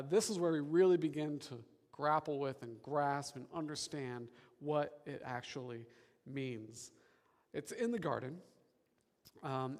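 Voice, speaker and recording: Male pastor, animated sermon delivery, church hall with long reverb. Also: on the high side. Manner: animated, chatty with the congregation.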